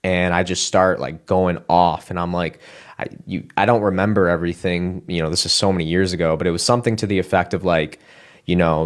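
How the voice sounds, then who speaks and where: A man's voice: low-pitched, fairly even intonation, fairly quick, clean tone. A man earnestly telling his personal testimony in a casual, emotional way, with frequent restarts and fillers. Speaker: speaker sharing a personal testimony.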